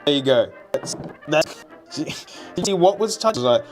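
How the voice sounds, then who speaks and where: A man talks in a loose, rambling stream-chat manner, his pitch swinging widely and sitting a touch high for a man. He laughs often between thoughts. Faint music runs underneath. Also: sing-song, moderate pace, pauses often. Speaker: streamer and vlogger. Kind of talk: casual chat.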